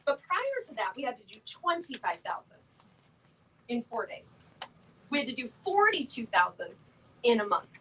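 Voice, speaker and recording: A woman's voice: fairly high pitch, sing-song, moderate pace, long pauses, a bit bright, recorded from a distance, a little hiss or hum, poor audio. A middle-aged woman giving a motivational talk to a live audience from a stage, chatty and playful, full of fillers and laughing asides. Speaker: motivational speaker at a sales event.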